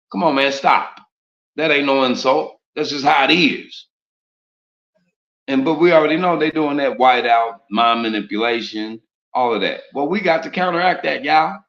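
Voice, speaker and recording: Preaching informally in street slang, a man peppers his audience with rhetorical questions. His mid-range voice is slightly bright, with vocal fry and lively intonation at a moderate pace. The recording is muffled, lo-fi, and echoey.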